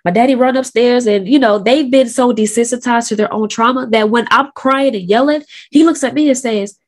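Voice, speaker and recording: A woman's voice: high voice, fast, few pauses. A woman in her thirties telling a personal story in a candid, conversational way with casual slang, while feeling sick. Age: 30s. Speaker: host.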